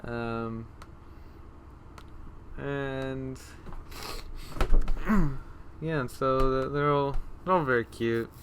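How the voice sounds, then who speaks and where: A man's voice: medium pitch, very slow, pauses often, noisy background. A man casually reviewing anime he watched, rambling with many fillers, restarts and dry sarcastic asides. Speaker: anime vlogger.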